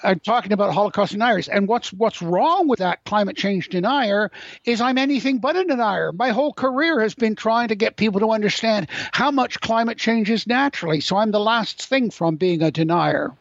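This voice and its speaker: An older man with a fairly high voice talks as an interview guest. He is wry and opinionated, spinning anecdotes. The recording sounds dull and lo-fi, with a dry, close quality. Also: expressive, moderate pace, gravelly, no room sound. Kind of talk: interview conversation.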